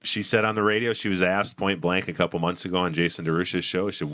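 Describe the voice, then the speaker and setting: A low, deep male voice talks politics casually. He spins folksy anecdotes with an easy storytelling rhythm. The sound is dry and close, with almost no room around it. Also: steady tone, fast, hardly any pauses, a bit bright, no echo. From Minnesota. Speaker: political candidate guest.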